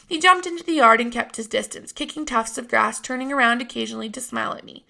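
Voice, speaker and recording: A woman reading a novel aloud with steady storytelling narration. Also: a little high, fast talker, gravelly. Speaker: reader of a novel.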